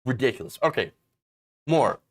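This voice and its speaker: A man's voice: medium pitch, very animated, moderate pace. A man hosting a political commentary show, ranting in a profane, exasperated and mocking way.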